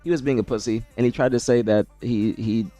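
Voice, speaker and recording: A man's voice: medium pitch, steady tone, brisk, warm tone, no room sound. A man streaming live, chatting casually and reading viewer messages, rambling and repeating himself as he answers chat. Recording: dry close mic with faint music behind.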